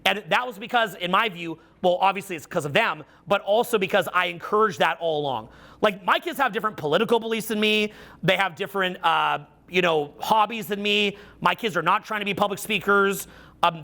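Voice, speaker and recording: Middle-aged man, seminar coach, high and bright, animated storytelling with salty language. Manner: animated, profane storytelling with acted-out quotes. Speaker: social skills coach. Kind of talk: live seminar talk.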